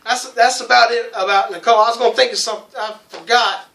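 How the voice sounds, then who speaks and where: A man's voice: very high-pitched, fairly even intonation, quick pace, gravelly, fairly bright tone. A man hosting a casual podcast who tells crude stories, rambling and laughing as he goes. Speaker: podcast host. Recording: echoey, distant room mic.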